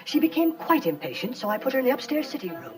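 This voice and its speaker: An actor playing a polite, discreet household servant who speaks in a deferential, tactful way, in 1950s film acting. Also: male voice, very high voice, wildly swooping pitch, quick pace, full character voice. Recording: distant old film soundtrack with loud music.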